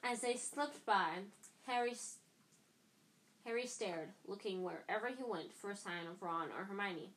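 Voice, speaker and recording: A woman reading a storybook chapter aloud in a mid-pitched voice. She reads at a steady pace and catches her small slips as she goes. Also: unhurried, rough recording. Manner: steady reading with small stumbles and self-corrections. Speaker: reader.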